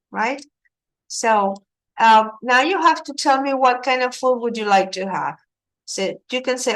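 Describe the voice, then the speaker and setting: A woman teaching an English lesson, slowly explaining words with glosses. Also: on the high side, a bit bright. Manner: slow, patient, explaining vocabulary with Spanish glosses.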